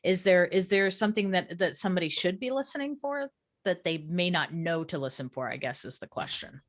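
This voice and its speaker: A woman's voice: fairly low pitch, very animated, a little fast. A woman hosting a casual interview, asking questions and affirming often. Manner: attentive, frequent affirming murmurs. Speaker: podcast host.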